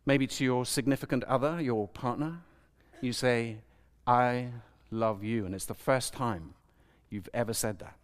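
A man's voice: medium pitch, a little slow, few pauses. A man preaching a sermon to a live audience, asking his listeners questions and acting out the voices he quotes.

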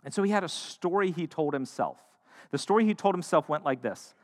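A man's voice: fairly high pitch, animated, brisk. Preaching man in a reverberant hall. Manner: dynamic, swings from loud to hushed. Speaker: pastor. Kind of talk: sermon.

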